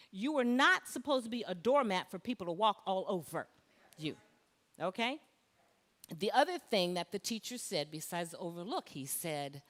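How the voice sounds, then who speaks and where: A woman reverend delivering a lively sermon with call-and-response to her congregation. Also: medium pitch. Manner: animated, call-and-response preaching. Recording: long hall reverb.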